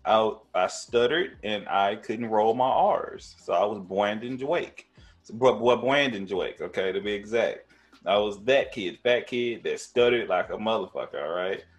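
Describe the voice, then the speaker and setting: A man with a deep voice telling stories in casual podcast chat, swearing freely and restarting his sentences often. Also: expressive, a little slow, faint music behind. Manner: casual, profane storytelling with many restarts.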